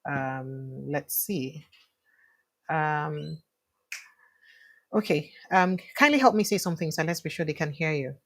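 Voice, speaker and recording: A woman's voice: low voice, measured pace, long pauses, a bit bright. A woman with a Nigerian accent hosting a livestream interview, chatty and informal, with filler sounds. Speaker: host. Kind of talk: livestream interview, switching between Pidgin and English.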